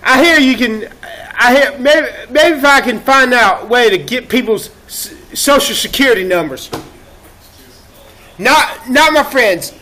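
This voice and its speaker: A man ranting on a livestream in a profane, erratic, self-pitying way, breaking into shouts at times, recorded in a laundromat. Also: very high-pitched, lively intonation, a little slow.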